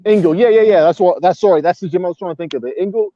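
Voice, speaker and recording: A man's voice: high-pitched, racing, warm tone, no echo, muffled recording. A man on a boxing talk panel in casual chat, emphatic and using street slang. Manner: emphatic, uses slang like fam.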